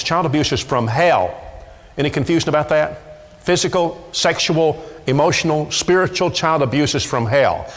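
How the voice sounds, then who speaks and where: Man, middle-aged, preaching, emphatic, repeats words, long church reverb. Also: medium pitch. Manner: emphatic, repeats words when pressing a point. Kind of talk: sermon. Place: church sanctuary. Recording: echoey church hall.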